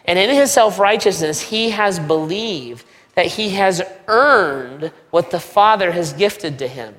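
A male pastor preaching a sermon in a conversational, animated way, with joking asides. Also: sits high, a little slow. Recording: long reverb of a large hall.

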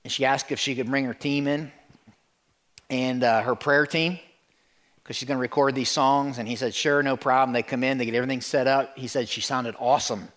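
A man delivers a sermon at an ordinary middle pitch. He speaks as a pastor to his congregation, animated and direct. He repeats words for emphasis and acts out the stories he tells. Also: a little fast. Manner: animated storytelling, acts out voices in quotes.

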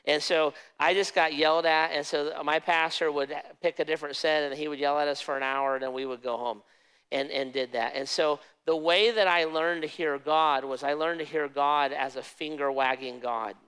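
A man's voice: on the high side, fairly even intonation, normal speed, a bit bright, smooth, poor audio. A man preaching a sermon as pastor, conversational and emphatic, often restarting his phrases.

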